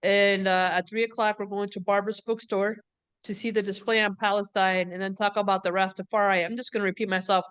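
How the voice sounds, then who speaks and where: A joking, talkative woman hosts a book talk for students. Her voice is bright and crisp, close and dry with no room echo. She drops into Spanish now and then as she chats. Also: mid-range voice, level tone, brisk. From US-Mexico border region. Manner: chatty, joking, mixes in Spanish. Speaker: event host and professor. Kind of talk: casual chat hosting a book event. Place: classroom or event room.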